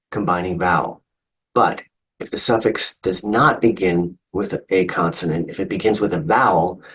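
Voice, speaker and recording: A man's voice: sits low, slightly rough, rough recording. A male instructor explaining terms patiently in a recorded online lecture. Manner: patient, explanatory, with fillers and restarts.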